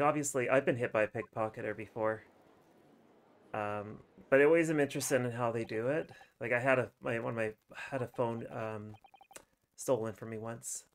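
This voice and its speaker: A man giving casual, chatty commentary while playing a game, reacting freely and swearing. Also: mid-range voice. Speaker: let's play streamer.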